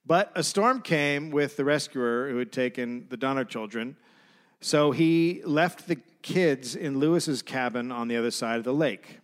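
A man co-hosting a comedic history podcast, reading out old quotes and breaking into shouted silly voices. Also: medium pitch, measured pace. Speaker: podcast co-host.

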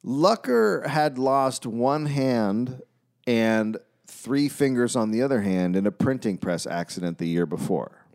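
A man co-hosting a comedy history podcast, narrating a story in a deadpan way with jokey asides. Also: mid-range voice, unhurried.

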